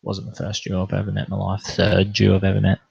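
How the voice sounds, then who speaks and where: Husky man telling stories. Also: low-pitched, quick pace, no room sound, lo-fi sound. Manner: profane, animated anecdote teller. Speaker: pastor. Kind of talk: casual storytelling.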